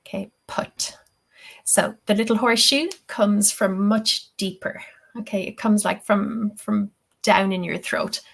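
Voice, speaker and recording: A woman's voice: medium pitch, steady tone, unhurried, vocal fry, a bit bright. A woman, a tutor answering questions in a live webinar, chatty and thinking aloud with many ums. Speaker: English-teaching tutor.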